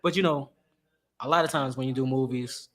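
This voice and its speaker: A man telling animated stories in a casual chat about acting. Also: mid-range voice, a little fast. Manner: animated storyteller acting out quotes. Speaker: actor guest.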